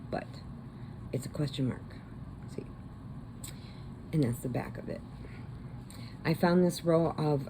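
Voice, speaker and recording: A woman's voice: low-pitched, dark tone, slight background noise, rough recording. A woman crochet vlogger chatting casually and rambling as she retells a movie plot. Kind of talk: casual chat.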